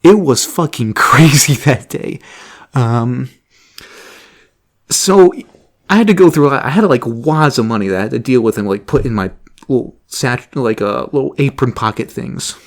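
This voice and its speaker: A young man casually telling a story about a job, animated, laughing often and swearing freely. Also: medium pitch, moderate pace. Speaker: vlogger.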